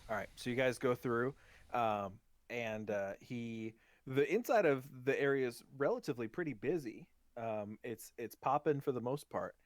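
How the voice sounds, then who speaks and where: Man narrating a tabletop game, halting. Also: mid-range voice, no echo. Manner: loose, halting narration with many ums and restarts. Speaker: dungeon master.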